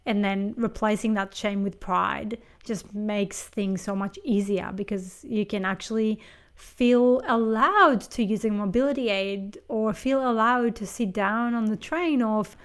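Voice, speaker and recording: A woman interviewer asking reflective questions and responding in a thoughtful, measured way. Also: medium pitch.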